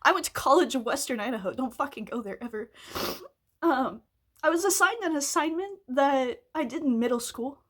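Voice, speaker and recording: Young woman ranting to camera, high voice, swears a lot, rambly. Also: expressive, moderate pace. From United States. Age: early 20s. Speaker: vlogger. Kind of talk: casual venting monologue.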